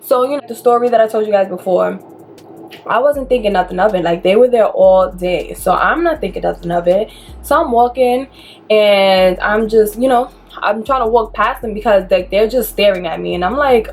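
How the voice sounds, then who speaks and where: Young woman, chatty and animated storyteller, casual vlog delivery. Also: mid-range voice, moderate pace. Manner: animated, chatty, filler-heavy with lots of "like". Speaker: vlogger telling a personal story.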